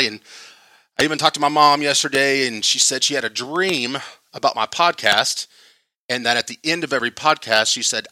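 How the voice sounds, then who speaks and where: Bright-voiced podcast host, rambling. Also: male voice, mid-range voice, moderate pace, dry recording. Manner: rambling, loose and self-deprecating with many fillers. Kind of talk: casual solo podcast trailer.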